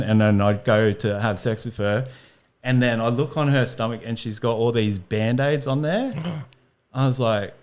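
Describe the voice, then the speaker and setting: A young man, a podcast guest, telling a self-deprecating story and laughing through it. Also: medium pitch. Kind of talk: casual storytelling.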